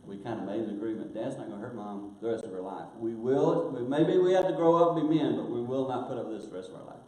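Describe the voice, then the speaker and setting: An older man telling a personal story in a sermon, earnest, growing hushed at painful moments. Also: medium pitch, fast talker. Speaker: guest speaker. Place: church auditorium. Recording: very echoey church hall, faint hiss.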